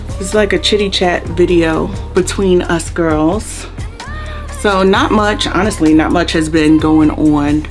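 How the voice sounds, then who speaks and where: A woman doing a casual makeup chit-chat video, talking in a chatty, relaxed way with slangy asides. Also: lowish voice. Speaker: beauty vlogger.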